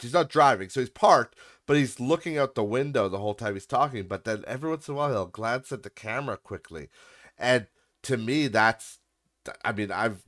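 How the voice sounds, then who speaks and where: A man's voice: lowish voice, fairly bright tone. A man hosting a podcast, ranting sarcastically in a casual way and swearing freely. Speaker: podcast host. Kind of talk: casual rant.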